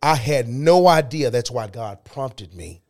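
A man tells his story as a podcast guest in a mid-range voice. He speaks with animated emphasis, building excitement as he goes. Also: medium pitch, measured pace. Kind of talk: storytelling interview.

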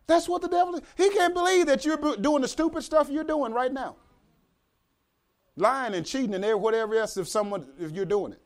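A man's voice: extremely high pitch, brisk. A man preaching a sermon as pastor, talking to the congregation and acting out the voices of the characters in the story.

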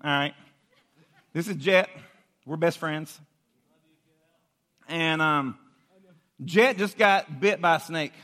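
A man preaches to a young crowd in a high, bright voice. He is animated and pleading as he leads a volunteer through a story. The sound rings in a church hall. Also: takes it slowly, long pauses. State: out of breath. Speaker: youth pastor. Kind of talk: sermon with audience demonstration.

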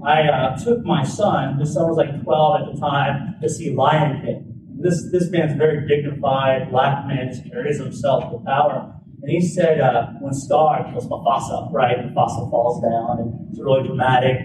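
A man with a slightly high voice tells a personal story in a talk at a moderate pace. His lively, informal retelling is full of "like" fillers and restarts, recorded on a distant mic in a roomy space with faint background noise.

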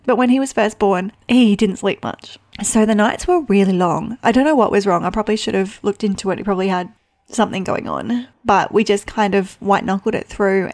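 Solo woman podcast host in her 30s, reflective and heartfelt, gravelly fry in the voice, dry close sound. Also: mid-range voice, darkish tone, no echo. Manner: heartfelt, reflective, quick chatty delivery. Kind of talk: personal podcast monologue.

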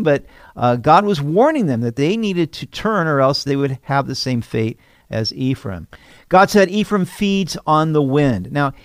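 Man, pastor, bible teaching, fairly high voice, dry close sound, reads verses then explains. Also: no room sound.

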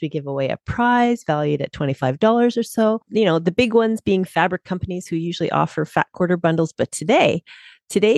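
A woman hosting a podcast interview, reacting warmly and reading a contest announcement. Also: on the low side, no echo, studio quality. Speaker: podcast host.

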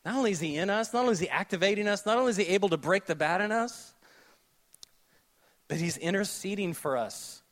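A man preaching a sermon with a Southern US accent, joking with the congregation, then dropping to a hushed, slow delivery. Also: sits high. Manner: animated, jokey asides, shifts between loud and hushed delivery. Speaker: pastor.

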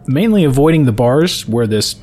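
A man's voice: medium pitch, lively intonation, normal speed, warm tone. A man with a mid-range voice plays a tabletop game, thinking aloud with hesitation. A faint hum sits behind him. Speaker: player. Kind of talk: casual tabletop play.

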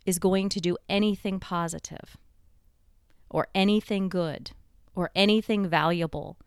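A woman giving a reflective motivational talk, slowing down to stress key points and building them through repeated phrases. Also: on the low side, steady tone, smooth, no room sound, clean studio sound. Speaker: motivational speaker.

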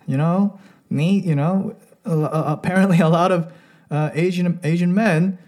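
A man's voice: on the high side, a little fast, darkish tone. A man delivering a casual opinion monologue as a commentator, emphatic and full of repeated "look" and "right?".

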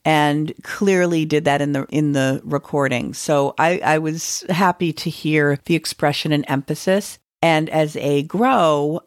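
A woman's voice: low voice, steady tone, unhurried, hardly any pauses, no echo, studio quality. A woman teacher hosting an educational podcast, talking in a conversational way and musing aloud with the odd filler.

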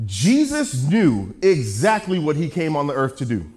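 A man preaching a sermon, telling a story with jokes in an animated, self-mocking way. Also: on the high side, unhurried, few pauses.

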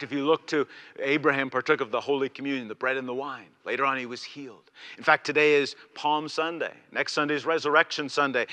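A male pastor preaching to his church with fervent insistence, circling back on phrases and restarting lines as he builds. His voice is bright and forceful, sitting a little high for a man. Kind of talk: sermon.

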